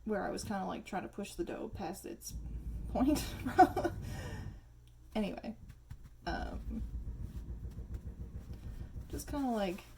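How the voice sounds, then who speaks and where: A woman's voice: medium pitch, dark tone, a little hiss or hum. Chatty woman rambling through a home cooking demo. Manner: chatty, rambling, laughs often, many fillers. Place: home kitchen. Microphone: phone camera.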